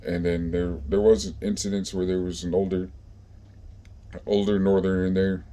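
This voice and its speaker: A man with a very low, mellow voice tells stories from his own past in an easygoing way. His talk is rough and profane, and he keeps stopping for fillers as he thinks. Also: level tone, moderate pace. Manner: profane, laid-back street talk with many fillers. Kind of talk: casual storytelling.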